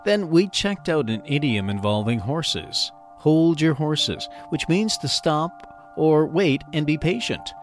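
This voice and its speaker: Male podcast host, playful explainer, expressive pitch, faint music bed. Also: measured pace. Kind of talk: scripted educational podcast.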